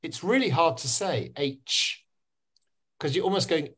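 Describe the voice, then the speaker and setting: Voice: mid-range voice, animated, measured pace, a bit bright, husky. A pronunciation teacher patiently explaining and repeating phrases during a live webinar.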